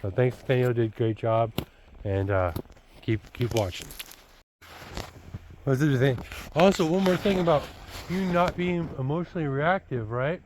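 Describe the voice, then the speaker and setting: Against a noisy background, a man with a medium-pitched voice talks at a moderate pace with long pauses. It's a casual, rambling vlog where he lectures his son bluntly about dating, looping back with "you know" and "dude."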